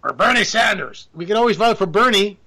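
Guy doing a rambling political rant, high bright voice, keeps cracking sarcastic jokes. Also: expressive, brisk. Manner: sarcastic, rambling, jokey asides. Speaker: radio show host. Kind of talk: political commentary monologue.

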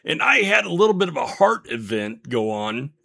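A man's voice: on the high side, sing-song, moderate pace, creaky, bright, forceful tone. A man in his fifties, the show's host, sharing a faith testimony between songs in an earnest, folksy, preacher-like way. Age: 50s.

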